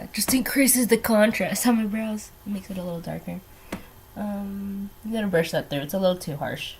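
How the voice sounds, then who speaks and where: A woman's voice: mid-range voice, moderate pace, a little mellow, a little hiss or hum. A young woman chatting casually while doing her makeup at home, rambling and hesitant with lots of ums and trailing asides. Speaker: beauty vlogger. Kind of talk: casual get-ready-with-me chat.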